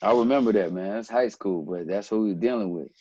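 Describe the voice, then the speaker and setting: Deep-voiced man telling a story. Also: fast, husky, no room sound, highs cut off. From Ethiopia. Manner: animated storyteller, breaks into quoted voices and laughs. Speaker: guest. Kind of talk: casual storytelling interview.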